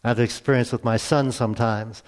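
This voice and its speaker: A middle-aged man preaching a sermon to his congregation, conversational and earnest, asking rhetorical questions and swinging between hushed asides and emphatic raised lines. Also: mid-range voice, fairly even intonation, fast talker. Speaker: pastor.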